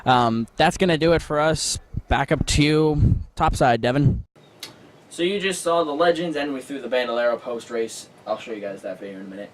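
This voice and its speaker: Male host, excitable storyteller, heavy with fillers, a bit distant from the mic with faint noise. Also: medium pitch, fairly quick. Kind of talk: casual chat.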